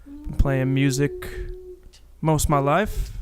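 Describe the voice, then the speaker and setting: A man's voice: mid-range voice, expressive, slow pace. A young man from upstate New York chatting casually as a guest on a podcast, easygoing and joking about himself. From Buffalo, New York. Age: young adult. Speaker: guest, band member.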